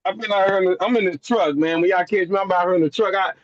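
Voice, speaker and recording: A man's voice: high voice, fast, dull audio, crowd noise. A man calling in from inside his truck, talking earnestly and often stammering and repeating words. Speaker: call participant. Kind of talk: casual call-in talk. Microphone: online call.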